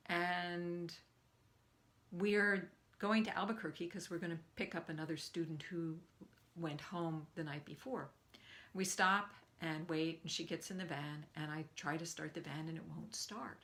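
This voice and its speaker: An older woman coaching a live online group, telling a personal story and acting out the quoted lines with lively jumps in pitch. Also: vocal fry. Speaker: speaking coach.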